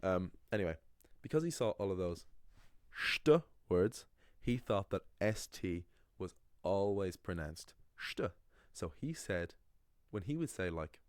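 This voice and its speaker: A man's voice: deep voice, sing-song, measured pace, clean tone, no echo, studio quality. A young man, a language teacher, talks through an anecdote in a casual, opinionated, rambling way. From Ireland. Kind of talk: casual explanatory video monologue.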